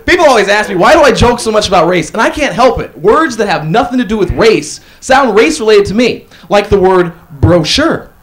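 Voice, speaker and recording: A man doing a stand-up comedy set, deadpan setups broken by loud acted-out quotes. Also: high voice, fairly quick, few pauses. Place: comedy club stage. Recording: live club audience laughing. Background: audience laughter.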